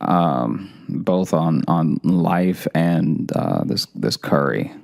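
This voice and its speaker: A man hosting a casual podcast, talking in a halting, sluggish, hesitant way. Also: sits low, expressive, gravelly, a little mellow, dry recording, studio quality. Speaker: podcast host.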